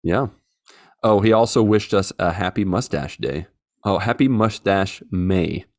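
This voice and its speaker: A man's voice: low voice, measured pace, no room sound, studio quality. A man co-hosting a podcast, chatting casually and joking as he reads out listener messages. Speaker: podcast co-host. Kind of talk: casual chat.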